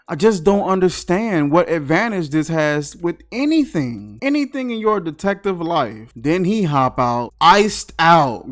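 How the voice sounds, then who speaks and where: Lively, incredulous movie-review riffing. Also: mid-range voice. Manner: incredulous, mocking, riffing on scenes; slangy casual talk. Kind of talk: comedic movie review commentary.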